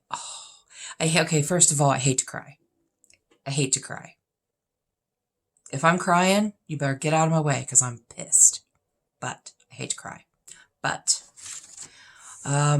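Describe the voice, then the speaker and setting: Low gravelly-voiced woman in her fifties. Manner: blunt and opinionated, emphatic. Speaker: vlogger. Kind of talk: casual chat answering questions.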